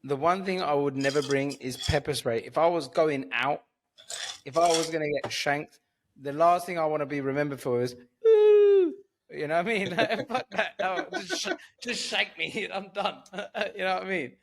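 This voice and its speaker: A man's voice: a little high, a little fast, fairly bright tone, a little hiss or hum. A man from Cyprus, a stand-up comedian, joking playfully as a podcast guest. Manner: playful, joking, laughs a lot. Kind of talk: casual podcast chat.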